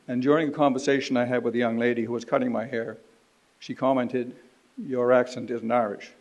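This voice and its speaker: Older guy in his 70s at a podium, slow and dignified, formal ceremony speech, mid-pitched voice. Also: level tone, lo-fi sound. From Canada. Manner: measured and dignified. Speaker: ceremony speaker. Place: university ceremony hall.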